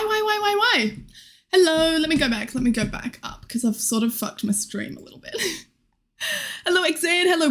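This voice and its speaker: High-voiced, giggly young woman streamer. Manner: chatty, giggly, scattered. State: losing her voice a little. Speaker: Twitch streamer. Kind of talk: casual live-stream chat greeting viewers.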